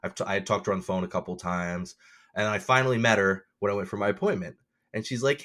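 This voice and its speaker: A man's voice: on the low side, fast talker, a bit bright. A man co-hosting a podcast in casual chat, telling rambling stories and chuckling often. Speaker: podcast co-host.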